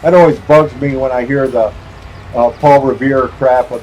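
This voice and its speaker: A man's voice: medium pitch, steady tone, normal speed, darkish tone, dull audio, slight background noise. A man streaming a game, chatting casually in a rambling, joking way and chuckling often. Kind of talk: casual chat while gaming.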